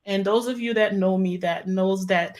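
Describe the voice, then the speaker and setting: A woman's voice: medium pitch, fairly even intonation, moderate pace, darkish tone. A woman hosting a live stream chat, emotional and effusive, teary from crying, often repeating herself. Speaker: channel host.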